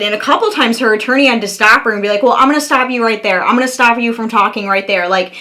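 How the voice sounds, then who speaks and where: A woman's voice: medium pitch, bright, forceful tone. A young woman giving blunt, sarcastic reaction commentary, speaking straight to her viewers. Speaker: commentary vlogger.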